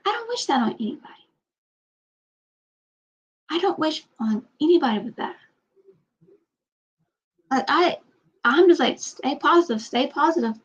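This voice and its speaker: A woman talks to the camera in a loose, halting way, with many restarts and trailing sentences. Her voice sits a little high. The recording sounds dull and lo-fi. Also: big pitch swings. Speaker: vlogger. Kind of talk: casual personal talk to camera.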